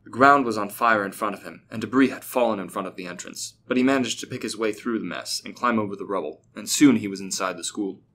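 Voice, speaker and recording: A man reading a fictional story aloud as a steady, even narrator. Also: lowish voice, fast, few pauses, slight background noise.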